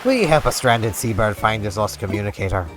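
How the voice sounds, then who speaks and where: A man's voice: on the low side, sing-song, a little fast. A man voicing a clumsy, boastful male seagull pirate who talks in pirate slang and loves puns. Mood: hammy pirate. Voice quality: pirate talk, growled "arr" and "me hearties". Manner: hammy, theatrical, pun-loving. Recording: game music underneath. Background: game music.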